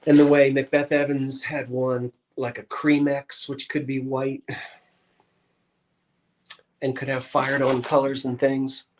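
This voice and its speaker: A man chats casually on an antiques show, explaining vintage glass pieces in detail. His voice sits at an ordinary middle pitch and sounds relaxed and conversational. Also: slow, long pauses, slight background noise. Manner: chatty, explains collectibles in detail.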